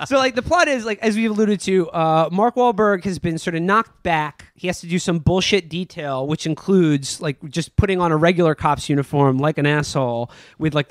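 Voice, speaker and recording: A man's voice: a little high, no room sound. A man co-hosting a comedy podcast, rambling through a movie plot with fillers and jokes. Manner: rambling storytelling with frequent fillers and mock voices. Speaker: podcast co-host. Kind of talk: casual comedic movie review chat.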